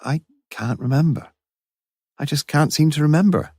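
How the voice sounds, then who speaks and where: A man's voice: fairly high pitch, moderate pace, darkish tone, slightly rough, no room sound, studio quality, voice pushed up. A man doing a flustered, eager landlady. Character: fussy, anxious middle-aged landlady. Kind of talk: audiobook character voice.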